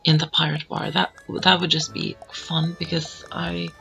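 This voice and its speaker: A woman's voice: low voice, little pitch movement, moderate pace, vocal fry, fairly bright tone, faint music behind. A woman giving casual, rambling commentary over a video game playthrough. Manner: chatty, rambling with fillers. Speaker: gameplay commentator. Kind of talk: casual let's-play commentary. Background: game audio.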